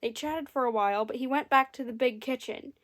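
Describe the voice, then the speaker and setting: A woman's voice: high voice, brisk, a bit bright. A woman reading a fairy tale aloud and adding dry, amused comments between passages. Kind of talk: comedic story reading with wry asides.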